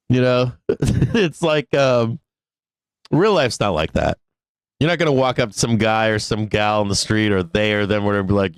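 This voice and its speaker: A man's voice: mid-range voice, normal speed, smooth, no echo. Profane, laughing male stock stream host. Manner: profane, laughs often, rants. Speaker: stock market livestream host. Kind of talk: casual profane livestream chat.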